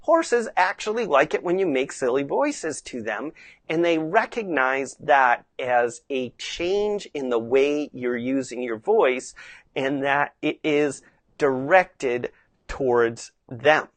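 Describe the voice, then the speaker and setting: Slow, chatty woman horse-driving instructor. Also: very deep voice, no room sound. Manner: conversational, chatty with fillers; lively, acts out tones of voice. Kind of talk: casual teaching talk.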